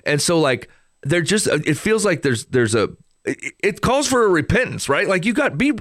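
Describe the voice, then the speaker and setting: A man co-hosting a casual faith podcast, telling stories in a rambling, animated way with many restarts. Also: high voice, moderate pace, no room sound, studio quality. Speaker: podcast co-host.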